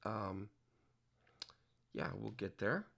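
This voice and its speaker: A man with a low, gravelly voice talks unhurriedly while he works on digital art during a livestream. His chat is loose and playful, full of jokes and wordplay, and it drifts from one thought to the next. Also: drawn-out words, a bit bright. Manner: playful, rambling, jokey wordplay.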